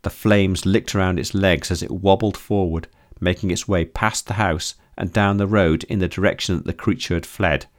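Deep-voiced male audiobook narrator. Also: fairly even intonation, moderate pace, few pauses. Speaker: author and narrator.

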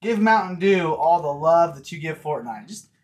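A woman's voice: low-pitched, expressive, moderate pace, darkish tone, husky. A woman hosting a casual podcast, teasing and encouraging her young guests. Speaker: podcast host.

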